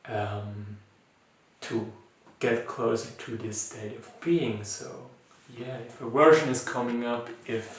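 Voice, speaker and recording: A man with a non-native English accent, leading a mindfulness challenge as its teacher in an informal, gentle talk full of fillers and restarts. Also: medium pitch, slow pace, a little hiss or hum. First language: not English. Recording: echoey room, voice from far off.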